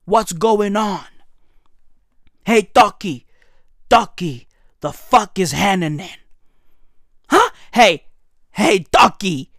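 A woman giving a comedic rant, incredulous and exaggerated, often breaking into shouts. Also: medium pitch, lively intonation, slow pace, pauses often, no room sound, clean studio sound. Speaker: comedic commentator.

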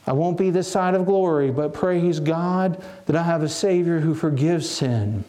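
A man's voice: a little high, warm tone. A man preaching a sermon in an earnest, reflective way, often restarting his phrases.

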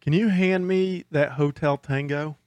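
A man in his forties, a podcast co-host who swears freely and jokes through his stories. His voice sits a little high for a man. The sound is dry and close. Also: fairly even intonation, unhurried, darkish tone, no echo, lo-fi sound. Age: 40s. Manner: profane, joking banter. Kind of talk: casual chat. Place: studio.

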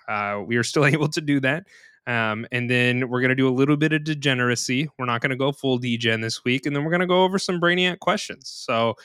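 A man's voice: mid-range voice, fairly bright tone, clean tone, dry recording, studio quality. A man hosting a podcast, talking in a chatty, informal way. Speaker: podcast host. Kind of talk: casual podcast chat.

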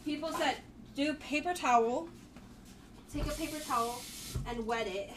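A chatty young woman with a slightly high voice, talking her way through cooking at home with playful complaints. The kitchen recording is noisy, with clatter around her. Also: moderate pace. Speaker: co-host of a cooking podcast. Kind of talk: casual kitchen chat while cooking.

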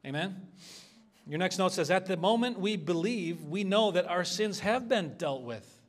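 A man's voice: high voice, expressive, a little slow. A man preaching an expository sermon as a pastor, earnest and conversational, asking the congregation for responses.

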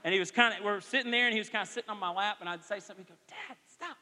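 Bright-voiced pastor preaching in a reverberant hall. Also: male voice, sits high, racing. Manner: animated, builds from conversational asides to loud exhortation. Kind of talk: sermon. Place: church sanctuary.

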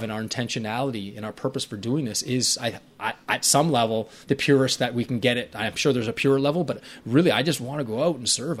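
Earnest man with a mid-pitched voice. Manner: earnest, heartfelt and spiritual, rambling at times. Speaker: podcast host and life coach. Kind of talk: casual podcast talk.

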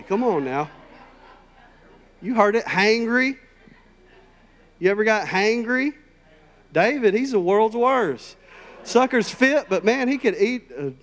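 Emphatic male preacher in a reverberant hall. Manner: emphatic, conversational, rising to loud high peaks. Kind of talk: sermon.

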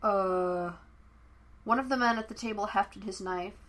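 A woman narrating fan fiction as an audiobook, telling the story in a steady, even way. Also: medium pitch, a little fast.

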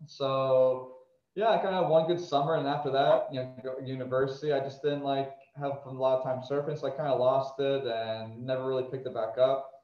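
Man, author guest from New Jersey, smooth, rambling, reflective; echoey room, muffled sound. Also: medium pitch, fairly even intonation, fairly quick. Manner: rambling and reflective, many restarts. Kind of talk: casual conversation.

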